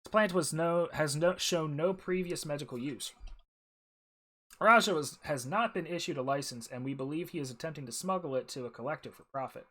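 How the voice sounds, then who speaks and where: A man's voice: on the high side, a little fast, a bit bright. A man voicing a stern, by-the-book male jungle ranger officer, reading game dialogue aloud in a formal briefing tone.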